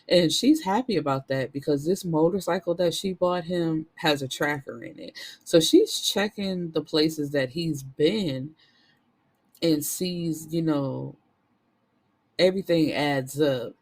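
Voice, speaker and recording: A woman with a low, darkish, breathy voice speaks slowly as a book reviewer, recapping a novel for her viewers in a loose, chatty way. She's candid and drops frank, blunt asides as she goes.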